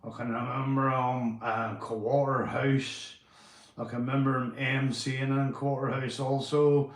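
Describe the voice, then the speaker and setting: A Northern Irish man live-streaming from home, chatting casually, swearing and giving shout-outs to his viewers. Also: mid-range voice, little pitch movement, measured pace, echoey room. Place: indoors at home.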